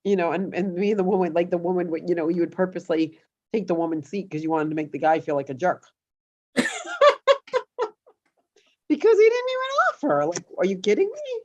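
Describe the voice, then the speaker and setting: A woman co-hosting a casual chat, telling rambling everyday stories full of animated asides. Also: lowish voice, fast, highs cut off. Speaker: co-host.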